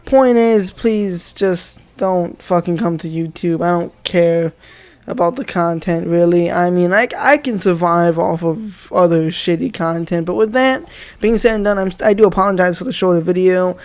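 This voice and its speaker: At normal speed and in a high voice, a young man rants comedically for his YouTube audience. He's sarcastic and swears all the way through.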